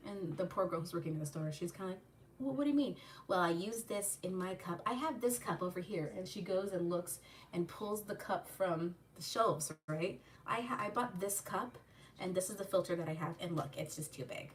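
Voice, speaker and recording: A woman with a fairly low voice tells a store story in a casual, animated, profane way, acting out every person she describes. She sits a little back from the mic, with a faint hum of room noise behind her. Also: distant mic. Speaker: channel host. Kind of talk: casual storytelling while doing a makeup tutorial.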